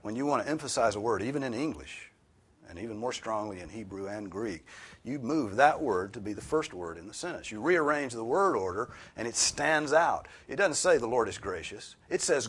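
A man preaching an expository sermon, stressing key words loudly and dropping some phrases to a hushed near-whisper. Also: fairly low pitch, breathy edge.

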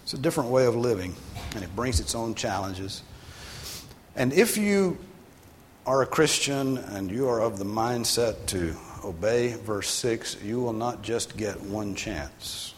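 A male pastor giving a sermon in a conversational way, sometimes rising for emphasis and then dropping low. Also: animated, measured pace, slight background noise. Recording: long hall reverb.

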